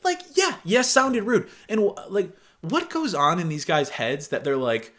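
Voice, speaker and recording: A man riffs sarcastically in a casual reaction commentary, exasperated and quick to swear. His voice sits a little high and swings widely in pitch. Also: expressive, fairly bright tone. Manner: laughs often while reading. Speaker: reaction video host.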